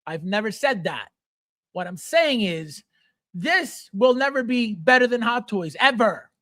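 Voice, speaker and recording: A man's voice: high-pitched, sing-song, unhurried, a bit bright, no room sound, studio quality. A man hosting a collectibles channel, ranting bluntly and scornfully about a figure, profane and sarcastic. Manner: repetitive, sarcastic jabs at viewers.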